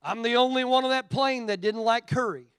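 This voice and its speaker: A middle-aged man from Oklahoma with an Oklahoma accent, preaching a sermon and telling a story, shifting from quiet asides to loud, emphatic preaching. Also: very high-pitched, brisk, clean tone, dry recording. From Oklahoma, USA.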